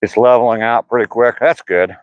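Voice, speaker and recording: A man's voice: medium pitch, fairly even intonation, a little fast, dry recording, dull audio. An older man chatting casually with live chat viewers by name on an outdoor walk, mentioning his sore hip. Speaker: vlogger reading live chat.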